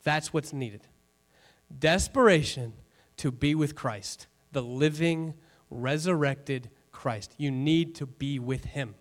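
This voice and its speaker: High-voiced joking preacher. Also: male voice, slow. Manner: lively and conversational, with joking asides to the congregation; asks the room rhetorical questions. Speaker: pastor. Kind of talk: sermon. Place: church before a congregation.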